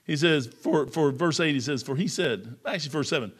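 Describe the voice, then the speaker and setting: A man preaching a sermon in a folksy, emphatic way, swinging between loud outbursts and hushed low passages. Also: brisk, breathy edge.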